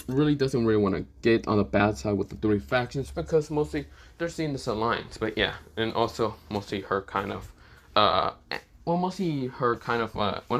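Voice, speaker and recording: A man's voice: mid-range voice, a bit bright. A man rambling through an improvised fan-fiction retelling, full of fillers and restarts as he goes. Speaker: fan story narrator.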